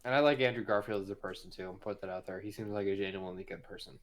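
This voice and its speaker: A man chatting on a podcast at a quick clip, loose and teasing. He fills pauses with plenty of "like" and "you know" and keeps a relaxed, easygoing tone. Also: lowish voice. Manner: teasing, laid-back, many fillers. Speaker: podcast co-host. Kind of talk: casual chat.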